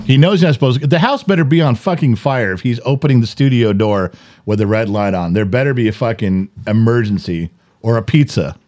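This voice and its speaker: A man's voice: mid-range voice, animated, fast talker, a little mellow. Sarcastic, profane middle-aged man. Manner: sarcastic, profane, acts out voices. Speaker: podcast co-host, father. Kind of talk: casual chat. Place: home studio.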